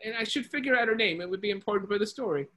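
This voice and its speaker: A Bible study leader tells a long story on a video call, chatty and animated, often restarting sentences and slipping into character voices. the voice is bright and forward, at a middling pitch. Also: racing, a little hiss or hum, low-quality recording. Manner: lively, chatty retelling with many restarts and voices.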